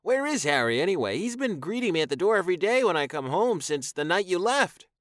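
A man's voice: high-pitched, sing-song, brisk, fairly bright tone, no echo, clean studio sound, voice pushed up. A man narrating an audiobook, voicing a small, worried friend who presses with indignant questions. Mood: upset. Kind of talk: audiobook character voice.

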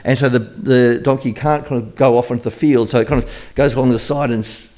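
A man's voice: medium pitch, steady tone, fairly quick, few pauses, a little mellow. A man preaching a conversational sermon, retelling a story in a chatty, joking way.

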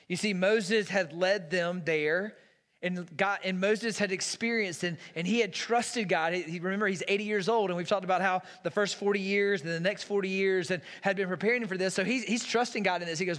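A man's voice: sits high, normal speed, fairly bright tone. A man pastor preaching a sermon in a church, retelling a story in a casual, storytelling way. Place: church sanctuary. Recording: long reverb in a large hall.

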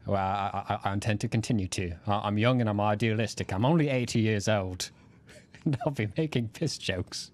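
A man's voice: on the low side, a little fast, natural voice. A man voicing a bumbling elderly British constable with a put-on Cockney accent, stammering and rambling. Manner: rambling, stammering, self-promoting.

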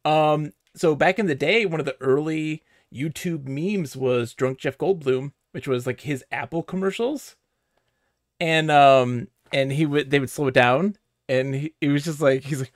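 A man's voice: fairly high pitch, unhurried, no room sound, clean studio sound. A man streaming games live, chatting casually to his viewers in a giggly, rambling way.

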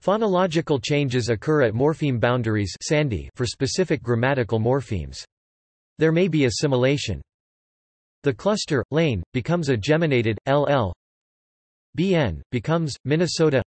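Male text-to-speech narrator, mid pitch, flat machine reading of reference text, bone-dry close sound. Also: moderate pace, dry recording. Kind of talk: synthetic encyclopedia narration. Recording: dry, close synthetic audio.

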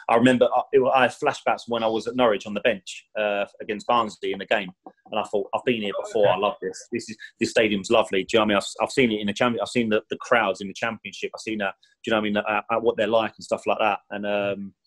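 A man's voice: fairly low pitch, level tone, quick pace, poor audio. A former professional footballer as a podcast guest, telling his career stories in a chatty, rambling way. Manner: rambling, chatty, fond of "do you know what I mean"; acts out quoted speech with raised voice. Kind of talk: casual storytelling interview.

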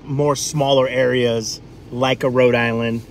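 A man's voice: medium pitch, little pitch movement, unhurried, a little hiss or hum. Chatty New man on a livestream. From New England. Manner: rambling, chatty, lots of fillers. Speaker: livestream food vlogger. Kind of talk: casual live-stream chat.

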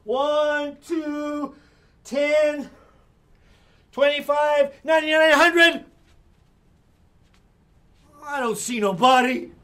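A man's voice: very high-pitched, extremely slow, long pauses, pitched above the performer's own voice, heavily acted. A man doing a whiny chubby little boy. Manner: whining, loud complaining.

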